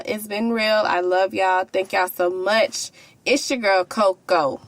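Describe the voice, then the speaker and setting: A woman's voice: mid-range voice, steady tone, takes it slowly. A young woman hosting a podcast, signing off in heartfelt, slangy casual talk. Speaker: podcast host.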